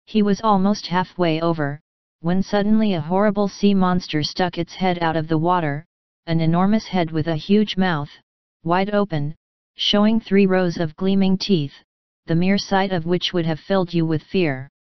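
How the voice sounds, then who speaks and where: A woman narrating a classic children's storybook in a calm, even manner. Her voice is smooth and clear, sitting on the low side. It sounds dry and close, with a slightly dull recording. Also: normal speed, no room sound. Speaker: audiobook narrator. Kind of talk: scripted narration.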